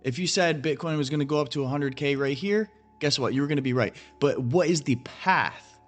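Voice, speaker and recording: A crypto trading channel host speaks directly to his viewers in a slightly high, brisk voice, ranting bluntly and profanely with heavy emphasis as he goes through his chart analysis. Faint music plays in the background.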